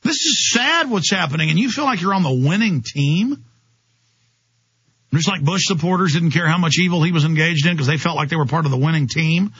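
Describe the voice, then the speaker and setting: A man's voice: fairly high pitch, fairly bright tone, slightly rough, no echo, highs cut off. A man hosting a talk radio show, delivering an impassioned, ranting monologue straight to his listeners.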